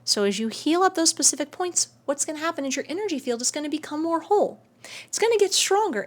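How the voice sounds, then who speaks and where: A woman hosting a spiritual self-help video, talking to camera in an air-conditioned room, emotive and swinging between soft and excited. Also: sits high.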